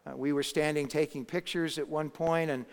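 A man's voice: a little high, steady tone, moderate pace, clear, resonant tone. A man preaching a sermon, telling a story and building to emphatic moments. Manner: storytelling, rising to emphatic peaks. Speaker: pastor. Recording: long hall reverb.

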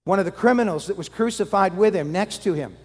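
Dramatic preacher in a reverberant hall. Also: male voice, high voice, quick pace. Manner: dramatic, swings from loud to hushed. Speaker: pastor. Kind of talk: dramatic sermon storytelling.

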